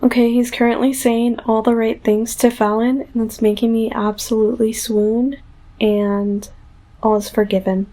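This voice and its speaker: A woman's voice: fairly high pitch, little pitch movement, moderate pace, warm tone, slight background noise. A woman in her twenties, a book vlogger, giving dramatic, gushing and exasperated reactions while she reads. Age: 20s. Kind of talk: casual live reading reactions.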